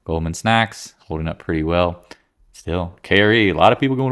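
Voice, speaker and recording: Deep-voiced blunt market commentator man. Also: lively intonation, a bit bright. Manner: blunt, jokey, quick asides. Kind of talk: casual chart-by-chart market rundown.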